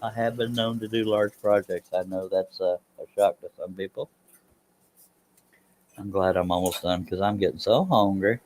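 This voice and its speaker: Low, soothing-voiced man chatting on a live stream. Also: moderate pace, a little hiss or hum. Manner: relaxed, self-deprecating, chuckling asides. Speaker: scroll saw woodworking live streamer. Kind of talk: casual live-stream chat while working.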